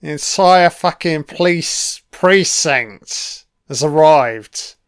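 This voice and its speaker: A man's voice: on the high side, takes it slowly, clean tone, dry recording, clean studio sound. A British man giving an audio commentary over a film, swearing constantly and heckling the characters on screen.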